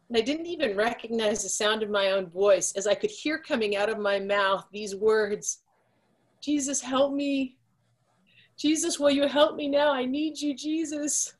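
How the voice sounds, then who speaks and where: A woman sharing her personal faith testimony as a guest, telling her story earnestly and speeding up at the tense moments. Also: medium pitch.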